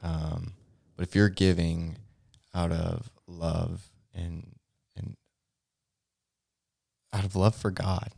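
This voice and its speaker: A man co-hosting a podcast discussion, soft-spoken and hesitant, with frequent ums. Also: low-pitched, flat delivery, takes it slowly, gravelly, long pauses, no room sound, studio quality. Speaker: podcast co-host.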